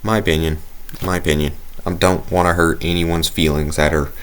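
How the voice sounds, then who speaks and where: A man's voice: low voice, level tone, a little fast, fairly bright tone, clear, resonant tone. A man giving casual, rambling, jokey commentary while playing a video game. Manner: rambling, jokey, self-mocking. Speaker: gaming video creator.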